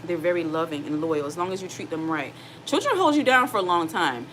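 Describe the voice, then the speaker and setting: A woman in her thirties with a fairly low voice speaks earnestly and directly to her viewers, giving casual advice. Clear background noise sits under her voice throughout. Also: very animated, a little fast. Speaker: single mom vlogger.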